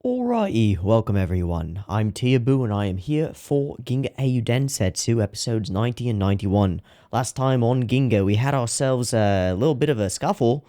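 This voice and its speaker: A young man hosting an anime reaction show, rambling in a casual, excitable way and often correcting himself mid-sentence. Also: medium pitch, moderate pace, few pauses.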